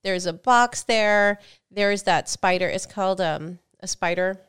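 A woman's voice: mid-range voice, unhurried, a bit bright, clean tone. A woman co-hosting a gaming podcast, chatting casually and telling stories with quoted back-and-forth. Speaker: podcast co-host. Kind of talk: casual chat.

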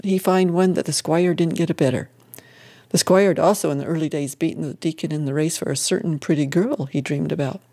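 Mellow, steady audiobook narrator. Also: mid-range voice. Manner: steady storytelling.

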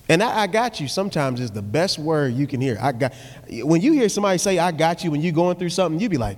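An animated male preacher with a high, lively voice that swings up and down as he acts out the voices he quotes. His sermon rings with a long hall reverb. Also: fast talker.

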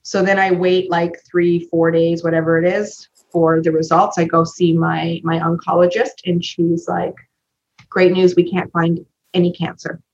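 A woman's voice: lowish voice, flat delivery, a little slow, a little hiss or hum. A woman co-hosting a podcast in casual chat, telling a personal story with animation and acting out the voices of the people in it. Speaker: podcast co-host. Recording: dull lo-fi podcast recording.

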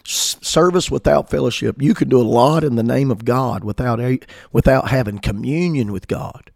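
A man's voice: mid-range voice, normal speed, creaky, dry recording, clean studio sound. A man preaching a sermon, earnestly quoting scripture in old-fashioned wording.

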